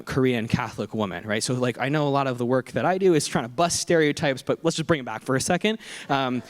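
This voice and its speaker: A young man delivering a keynote as an easygoing, conversational story. His voice sits at an ordinary middle pitch, and he keeps the tone light and self-deprecating, with a comic touch. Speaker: keynote speaker.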